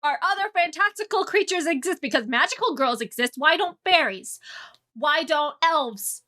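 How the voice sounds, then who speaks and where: A woman's voice: sits high, expressive, moderate pace, pushed and bright. A woman playing a tabletop game, chatting casually and eagerly, full of questions. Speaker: player. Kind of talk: casual chat.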